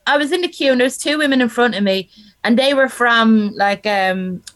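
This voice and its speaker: A young Irish woman from the countryside telling a comic story in casual chat, animated and often laughing as she goes. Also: a little high, moderate pace. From rural Ireland.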